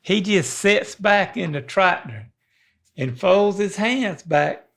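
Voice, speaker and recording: Gravelly older man. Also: sits high, animated, slow pace, a bit bright. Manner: rambling, folksy, many restarts. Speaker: podcast co-host. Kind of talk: casual chat.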